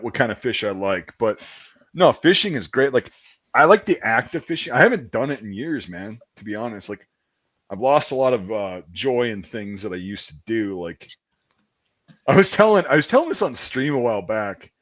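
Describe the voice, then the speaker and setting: A man's voice: mid-range voice, very animated, moderate pace, dull audio. A man in his thirties hosting a casual chat, telling stories with a rambling, profane manner. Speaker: podcast host.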